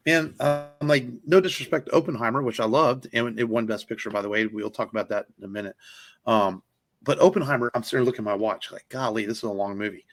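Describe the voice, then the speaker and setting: A man's voice: medium pitch, quick pace, faint music behind. A man on a podcast chatting casually about films, enthusiastic and rambling, with lots of fillers and the odd swear word. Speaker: podcast co-host. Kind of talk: casual movie review chat.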